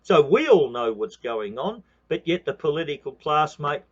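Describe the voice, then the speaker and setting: A man's voice: on the high side, big pitch swings, moderate pace, hardly any pauses, husky, lo-fi sound. An Australian man in his sixties giving a heated, profane monologue on his own channel, repeating phrases and calling the listener mate. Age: 60s. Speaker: channel host. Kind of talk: ranting monologue.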